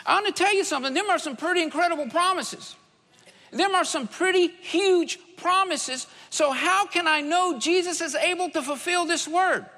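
A man's voice: very high voice, normal speed, sharp tone. A man preaching a sermon, emphatic, repeating key phrases for stress. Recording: long hall reverb.

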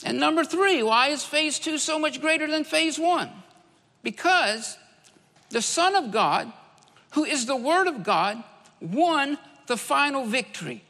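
A man's voice: extremely high pitch, lively intonation, measured pace, bright, forceful tone. A man preaching a sermon, emphatic, repeating key phrases for stress. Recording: long hall reverb.

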